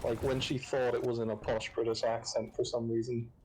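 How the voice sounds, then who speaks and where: A man's voice: medium pitch, little pitch movement, brisk, a loud crowd. A man chatting casually while gaming, with dry, hesitant asides. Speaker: co-player.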